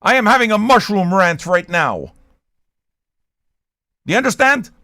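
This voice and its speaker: A man hosting a record-listening livestream who talks in a loud, shouty, abrasive rant and swears freely. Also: high-pitched, unhurried, no echo, studio quality. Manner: profane, excitable. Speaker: host of a record-listening show. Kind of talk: loud ranting livestream chat.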